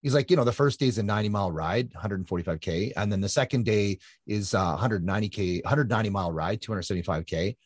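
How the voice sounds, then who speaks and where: Man in his 50s, interview guest, rambling animated storyteller, lowish husky voice. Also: fast, few pauses, no room sound, clean studio sound. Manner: animated storyteller with lots of fillers and restarts. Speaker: guest, ultra-endurance triathlete.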